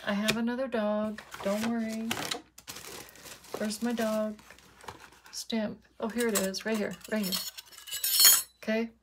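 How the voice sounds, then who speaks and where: A woman's voice: mid-range voice, level tone, takes it slowly, pauses often, very noisy. A woman chatting casually to her viewers while she demonstrates card making at her craft desk.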